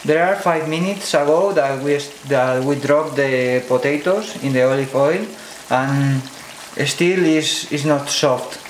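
Man, Spanish accent, slow careful cooking demo, fairly high voice, echoey kitchen, faint sizzling pan. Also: slight background noise. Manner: slow, careful, non-native phrasing with fillers. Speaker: cooking channel host. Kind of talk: step-by-step cooking demonstration. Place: home kitchen.

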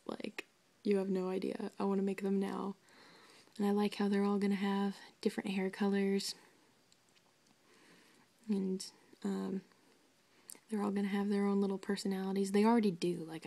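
Excitable woman with a dark, gravelly voice. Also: medium pitch. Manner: excited, giggly, drifting into whispers. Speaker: doll maker vlogger. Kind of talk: casual chat.

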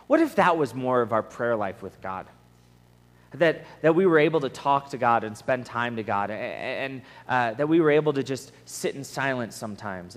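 A man preaches in a relaxed, conversational way, telling everyday stories with animated energy. His voice sits at an ordinary middle pitch, and a long, ringing reverb trails after his words in a large hall. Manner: animated storytelling, acts out quoted voices. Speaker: camp speaker, preacher. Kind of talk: conversational sermon.

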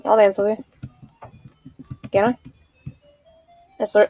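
Brief: a woman in her let's play, unhurried, joking to herself, dry close sound, faint game music behind. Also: medium pitch, level tone, a little mellow, no echo. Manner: offhand, joking, muttered asides. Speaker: gamer. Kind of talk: casual let's play commentary.

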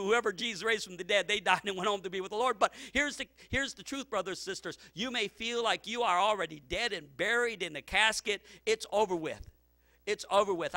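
Middle-aged male pastor, piercing bright tone, lively laughing sermon delivery. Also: sits high, no echo. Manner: animated, laughing preaching with shouted peaks.

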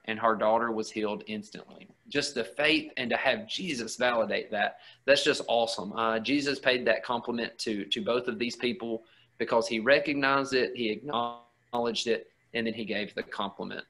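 A man's voice: mid-range voice, moderate pace, pushed and bright. A young man, a minister, giving a conversational Bible lesson and reading scripture aloud with earnest emphasis. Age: young adult.

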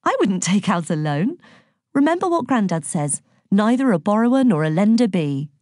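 A woman reading as a gentle, loving mum. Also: medium pitch, very animated, moderate pace, no room sound, clean studio sound, pitched above the performer's own voice. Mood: amused. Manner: soft and tender, turning anxious. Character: gentle, loving mother, drifting into confusion. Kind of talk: audiobook character reading.

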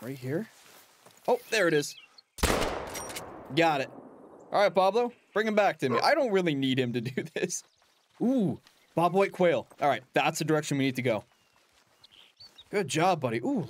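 A man's voice: a little high, expressive, moderate pace, long pauses. A young man giving casual, chatty commentary while playing a hunting game, laughing often and talking to his in-game dog. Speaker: gaming channel host.

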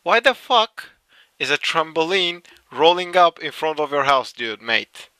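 A man's voice: a little high, very animated, measured pace, sharp tone, clear, resonant tone, no room sound. A young man giving casual reaction commentary, swearing often and insisting he is not laughing while giggling. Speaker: streamer reacting to clips.

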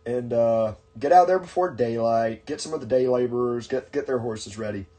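A man with a mid-range voice tells a long story in relaxed podcast chat. He rambles and circles back, with lots of "uh" and "like" and restarted sentences. His tone stays easygoing and conversational. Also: medium pitch, moderate pace. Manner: rambling, with many fillers and restarts. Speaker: podcast host.

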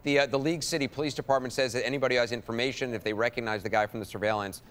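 A man hosting a daytime talk show, speaking in a halting way and often repeating words as he searches for them. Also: medium pitch, steady tone, a bit bright. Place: TV studio with audience.

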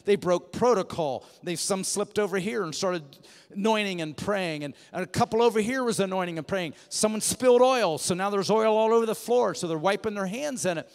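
A man preaching a sermon, telling a story animatedly and swinging from hushed to loud. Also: high-pitched, a little fast. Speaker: guest preacher. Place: church sanctuary. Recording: church hall reverb.

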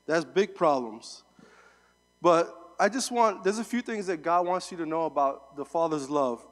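A young man delivers a sermon as a guest speaker, chatting through a personal story with plenty of ums and restarts. His voice sits a bit high. The sound rings out with the long reverb of a large hall. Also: a little slow. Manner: conversational storytelling with fillers. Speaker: guest preacher.

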